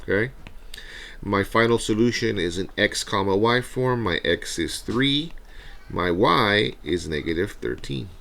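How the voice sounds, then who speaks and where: Talking each step through aloud, a man leads a recorded math review lesson and keeps tossing in a quick "right?" to check on his audience. His voice sits on the low side, creaky but expressive.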